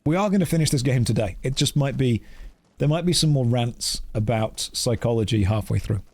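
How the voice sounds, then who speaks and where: Guy streaming a game, ranty and animated, dry close sound. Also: medium pitch, brisk, dry recording. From England. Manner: animated, ranting, acts out both sides of chats. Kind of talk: casual gameplay commentary.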